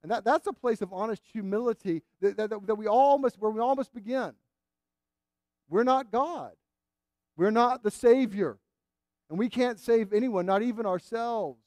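A man's voice: high voice, normal speed, darkish tone, dry recording, studio quality. A man preaching a sermon in an earnest, emphatic way, repeating phrases to drive points home.

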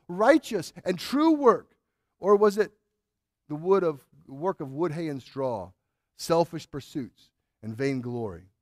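Earnest high-voiced male pastor preaching. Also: a little mellow, no echo, studio quality. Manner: earnest and emphatic, stressing key words; asks the congregation rhetorical questions. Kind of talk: sermon.

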